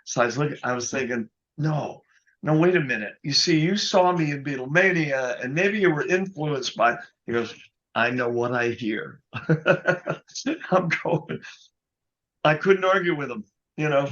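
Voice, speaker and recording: A man being interviewed as a guest musician, telling an anecdote in a casual, animated way, often adding "you know". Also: fairly high pitch, moderate pace, muffled recording. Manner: animated anecdote teller, quotes others, many "you know"s.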